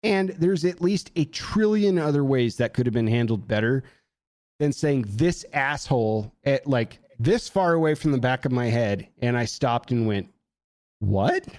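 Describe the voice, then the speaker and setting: Animated guy spinning a story, swears a lot, voice jumps around, dry sound. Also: mid-range voice, normal speed, no echo. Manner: animated, heavy swearing, acts out quotes. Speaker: podcast co-host. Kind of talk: casual chat, storytelling.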